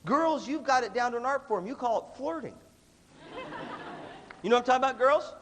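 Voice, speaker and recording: Animated middle-aged man in an echoing hall. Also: extremely high pitch, a little fast, slight background noise. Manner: energetic, playful, acts out voices. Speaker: music clinician. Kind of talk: animated workshop talk to students. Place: large hall with a live audience. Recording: hall reverb from a big room.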